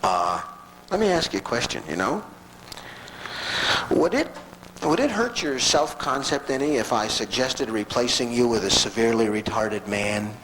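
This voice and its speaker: A man's voice: mid-range voice, lively intonation, normal speed, a bit bright, a little hiss or hum, voice pushed down, lightly acted, poor audio. A man voicing a friendly younger male placement officer who asks a question casually and tentatively.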